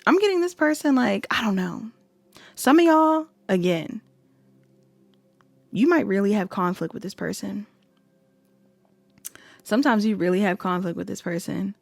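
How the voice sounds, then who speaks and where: A woman's voice: medium pitch, a little slow, creaky, pauses often, darkish tone, no room sound, faint music behind. A young woman with features giving a casual tarot reading, chatty and laughing often. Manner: chatty, laughs often, drops into whiny quoted voices. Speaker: tarot reader.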